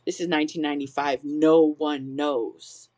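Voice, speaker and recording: A woman's voice: deep voice, level tone, moderate pace, darkish tone. A woman in her forties, a podcast guest telling her own story openly, swearing freely and laughing through painful memories. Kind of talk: personal storytelling.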